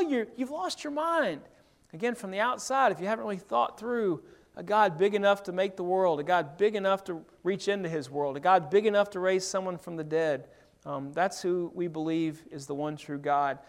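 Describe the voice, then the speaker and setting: Male preacher, high register, conversational Bible teaching, reads verses and then unpacks them plainly. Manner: conversational, reads scripture aloud and explains it. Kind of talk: sermon-style Bible teaching.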